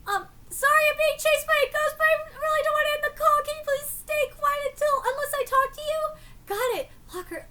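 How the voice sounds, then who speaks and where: A woman's voice: extremely high pitch, bright, forceful tone, pitched above the performer's own voice, exaggerated voice. A woman reading aloud and voicing a frightened young girl who is being chased by a ghost and keeps asking panicky questions.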